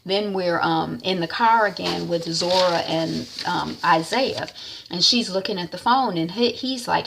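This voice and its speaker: A woman's voice: lowish voice, a little slow, vocal fry, fairly bright tone, a little hiss or hum. A woman casually recapping a TV episode, rambling with frequent fillers and "and she's like". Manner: rambling, full of "um" and "is like". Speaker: TV recap vlogger.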